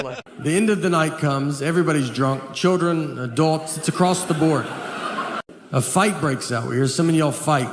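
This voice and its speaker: A man doing a stand-up comedy set, telling rambling stories in a deadpan, understated way, full of fillers. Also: on the high side, moderate pace, crowd noise. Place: large theater stage with a live audience. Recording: reverberant hall with audience noise.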